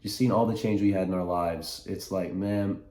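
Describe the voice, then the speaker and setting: A man's voice: sits low, fairly even intonation, dark tone. Rambling young man, roomy echo. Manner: reflective, halting, restarts sentences. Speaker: vlogger. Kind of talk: rambling casual vlog to camera. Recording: echoey room.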